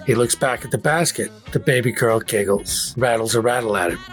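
A man's voice: medium pitch, fairly quick, fairly bright tone, faint music behind. A man narrating as game master of a tabletop game, in vivid, descriptive storytelling.

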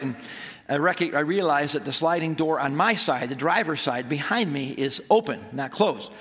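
A man preaching a sermon, telling a family story in an animated way before turning to scripture. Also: a little high. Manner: animated storytelling, acts out his own shouts. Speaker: pastor. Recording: long hall reverb.

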